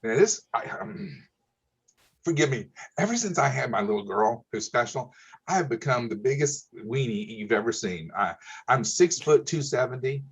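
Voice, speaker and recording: A man's voice: medium pitch, expressive, normal speed, slightly rough, rough recording. A man, an insurance broker telling client stories in a folksy, emphatic way, often checking in with "okay?". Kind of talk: casual storytelling.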